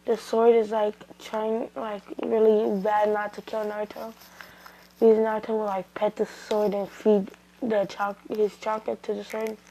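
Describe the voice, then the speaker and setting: A young woman casually retelling a fan story as a channel host, rambling and halting with many fillers and restarts. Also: mid-range voice, level tone, creaky, warm tone, slight background noise, low-quality recording.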